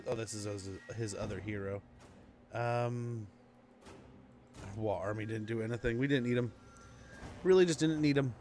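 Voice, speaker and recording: Guy streaming a game, casual rambly chat, lots of ums and likes, mid pitch, faint noise behind. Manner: rambling storyteller with many fillers. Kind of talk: casual gameplay commentary.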